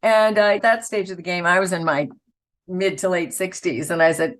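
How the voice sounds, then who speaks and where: An older woman with a low-pitched voice chats easily as an interview guest. She tells stories in a relaxed way and laughs often. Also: brisk. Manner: chatty, laughs often, storytelling. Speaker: voice actor guest. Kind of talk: casual interview chat.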